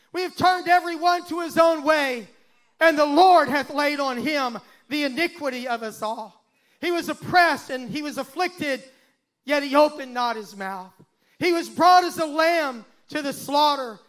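A male pastor with a strikingly high voice delivers a dramatic sermon and reads scripture aloud. He swells into loud, emphatic peaks and then drops to a near hush.

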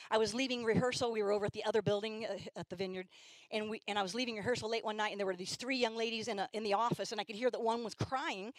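A woman's voice: a little high, dry recording, low-quality recording. A middle-aged woman telling stories in a sermon at church, often acting out the voices of young girls. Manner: animated storyteller, acts out girls' voices. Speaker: church speaker. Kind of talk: sermon storytelling.

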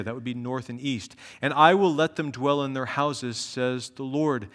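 Male pastor, mid-pitched, earnest sermon delivery with emphatic swells and low, slow drops; long church-hall reverb. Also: fairly bright tone. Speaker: preacher. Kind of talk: expository sermon.

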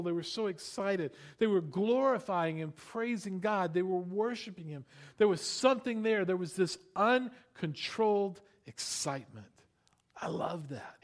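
A male pastor in middle age delivers a sermon in a high, bright-sounding voice. He talks animatedly, drifting into playful asides and rhetorical questions aimed at his listeners.

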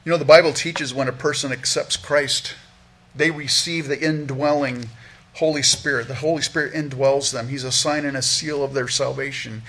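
A man's voice: on the high side, fairly bright tone, slightly rough. A man preaching as a pastor, earnestly teaching through a Bible passage verse by verse, often repeating words as he restarts a thought.

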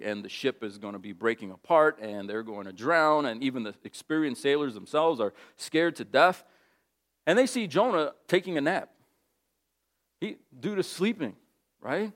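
A man preaching a sermon in a casual, conversational way, telling stories with lots of animation. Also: mid-range voice. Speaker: pastor.

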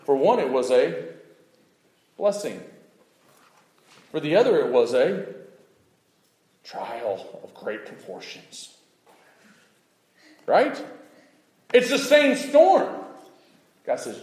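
A man preaching a sermon, animated, acting out little voices and swinging from loud outbursts to hushed asides. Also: a little high, takes it slowly, long pauses, roomy sound, low-quality recording. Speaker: pastor.

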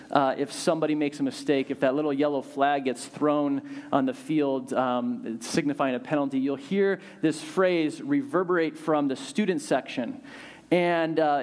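A male pastor giving a conversational, animated sermon with lots of fillers and restarts. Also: on the high side.

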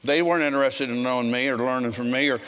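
A man preaching a sermon in a church, telling folksy stories in a frisky, forceful way. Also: medium pitch, steady tone, fast talker, smooth, long reverb tail.

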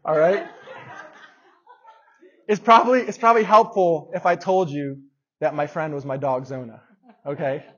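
A man's voice: fairly high pitch, normal speed, pauses often, muffled recording. A man preaching as a youth pastor in a casual, conversational way, telling a story to a group in a church room. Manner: lively and conversational, directing a live skit.

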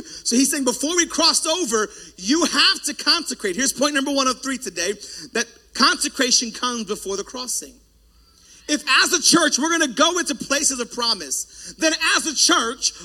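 A man preaching a sermon as pastor, loud and forceful, breaking off for joking asides to the congregation. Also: extremely high pitch.

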